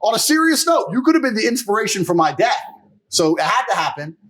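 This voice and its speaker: A man's voice: sits high, very animated, fast talker, a bit bright. A man in a podcast chat, telling boastful stories in a brash, profane way and laughing often. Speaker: podcast guest. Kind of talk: casual storytelling chat.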